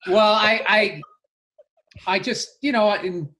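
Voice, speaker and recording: A man's voice: high-pitched, slow pace, sharp tone. A middle-aged man, a comedian co-hosting a podcast, talking in a rambling, self-deprecating way with many restarts. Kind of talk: casual chat.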